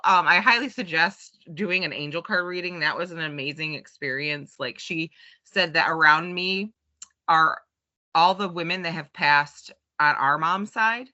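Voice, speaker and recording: Woman podcast host telling stories, kinda low voice, muffled lo-fi sound. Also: unhurried. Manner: chatty storyteller, quotes others in lively voices. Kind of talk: casual chat. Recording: dull lo-fi sound.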